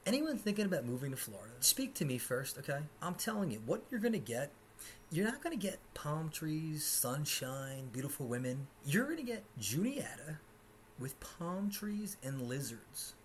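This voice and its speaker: A man's voice: a little high, big pitch swings, moderate pace, slight background noise. A man in his twenties hosting a podcast from his apartment, ranting sarcastically and profanely about his life. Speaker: podcast host. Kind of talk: solo comedic rant.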